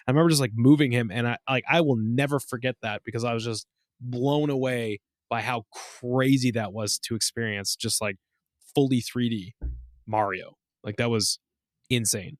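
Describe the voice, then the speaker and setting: A man in his thirties co-hosting a casual podcast, telling animated stories with lots of swearing. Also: normal speed, dry recording, studio quality. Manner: animated storyteller, swears, acts out quotes in high voices. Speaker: podcast co-host. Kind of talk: casual chat.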